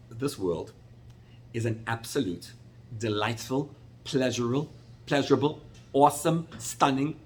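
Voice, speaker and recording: A middle-aged man, a rabbi, teaching a Torah class with animated, expressive storytelling and sudden jumps in pitch.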